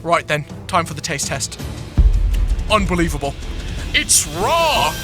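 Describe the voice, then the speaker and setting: A man's voice: high voice, normal speed, music in the background, close to an everyday voice. Brief: scathing male TV chef judge, put on by a young man, clipped, cutting verdicts. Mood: scornful.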